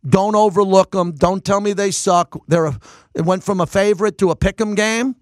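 A man in his fifties hosting a sports radio show, delivering an emphatic, excitable monologue into a close studio mic. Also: high-pitched, normal speed, no room sound.

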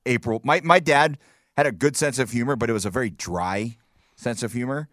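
A man casually telling stories on a podcast, animated and stumbling over restarts, acting out quotes. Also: medium pitch, brisk, no echo, studio quality. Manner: animated storyteller, many restarts, acts out quotes. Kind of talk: casual chat, storytelling.

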